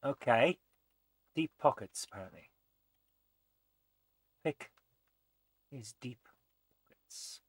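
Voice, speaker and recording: A man hosting a let's play, thinking aloud and muttering as he tries things, often trailing off quietly. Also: medium pitch, expressive, slow, long pauses, slightly rough, dry recording. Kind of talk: gameplay commentary.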